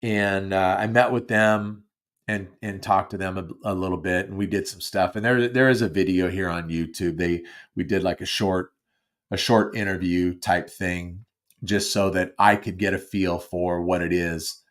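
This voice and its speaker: A man's voice: low voice, fairly even intonation, normal speed. A middle-aged man hosting a live call-in podcast, chatting casually in a rambling, self-deprecating way with lots of fillers and restarts. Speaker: podcast host taking call-ins. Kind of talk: casual live-stream chat.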